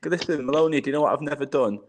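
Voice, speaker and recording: A man's voice: a little high, rapid-fire, over a noisy crowd. A man co-hosting a live call-in show, teasing and mocking a caller with frequent laughter. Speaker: co-host. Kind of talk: banter on a call-in stream.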